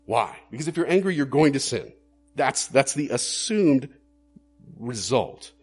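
Male pastor, sermon delivery, husky voice, lively swinging pitch, earnest questions. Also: unhurried. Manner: earnest, questioning, rising to emphatic bursts.

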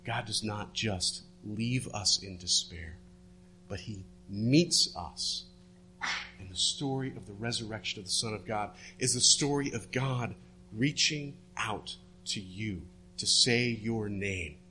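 A man preaching a sermon, retelling a story and dropping his voice low and soft for the quoted words. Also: slow, a little hiss or hum. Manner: storytelling, drops to hushed tones for quoted words.

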